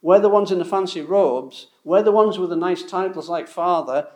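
A man's voice: high voice, moderate pace, a little mellow, echoey room, lightly acted. A male preacher voicing scornful, arrogant male religious leaders who mock the common people. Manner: scornful, mocking, talking down.

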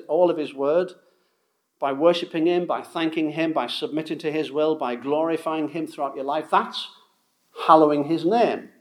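A man preaching a sermon, emphatic and repeating key phrases for stress. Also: a little high.

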